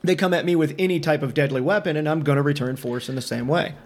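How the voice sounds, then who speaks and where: A man's voice: fairly high pitch, fast talker. A man hosting a casual podcast, rambling with many restarts and crude jokes.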